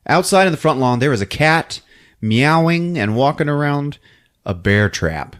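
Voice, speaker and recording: A man hosting a podcast, recapping a movie in a comedic, animated way. He laughs often and acts out the characters' lines. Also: a little high, moderate pace. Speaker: podcast host. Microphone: podcast microphone.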